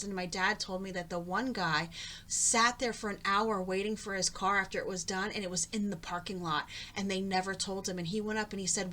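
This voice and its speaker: Chatty woman with a bright voice. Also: mid-range voice, fairly even intonation, brisk. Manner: chatty, rambling, goes off on tangents. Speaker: craft vlogger. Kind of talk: casual chat. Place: home.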